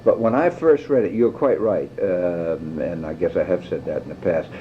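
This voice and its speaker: An older man, a guest actor, telling lively stories in an interview, swearing freely and mimicking others. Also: deep voice, moderate pace. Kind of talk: anecdotal interview. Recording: dull lo-fi tape with faint hiss.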